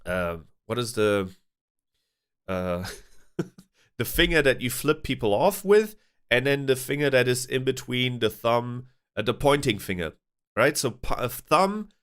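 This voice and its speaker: A man's voice: medium pitch, fairly bright tone, clean tone. Rambling man chatting. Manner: rambling, chuckles often, loose restarts. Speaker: streamer host. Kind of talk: casual chat.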